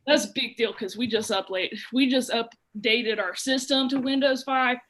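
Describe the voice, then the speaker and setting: A young woman from Ohio performing a stand-up set, telling childhood stories with animated impressions. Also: a little high, normal speed, low-quality recording. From Dayton, Ohio. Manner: animated storytelling with shouted impressions and a sung bit. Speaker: stand-up comedian.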